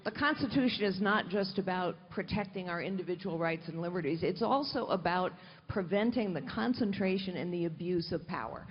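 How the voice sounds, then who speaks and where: A woman in her sixties, a former candidate, delivering crisp, rallying lines during a live interview at a rally. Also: lowish voice, animated, fairly quick. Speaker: former candidate, campaign surrogate. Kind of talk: live political interview on stage. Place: outdoor rally stage. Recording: muffled live mic with clear noise.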